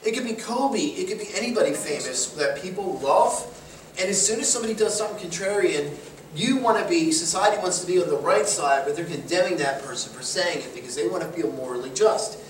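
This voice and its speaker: A man's voice: on the high side, animated, brisk. A male comedian arguing his point in casual chat, emphatic and repetitive. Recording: echoey room, distant mic, clear background noise.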